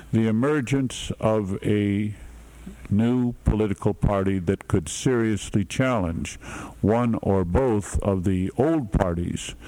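A man with a fairly low voice lays out political analysis in a measured, deliberate way. He pauses often with "uh" as he picks his words. He sounds middle-aged and speaks like a seasoned commentator. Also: darkish tone, low-quality recording.

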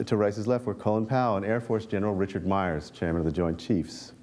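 Man, author reading his book aloud, deep low voice, mellow dark tone, dry wry asides. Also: fairly even intonation, a little fast. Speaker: author and reporter giving a book talk.

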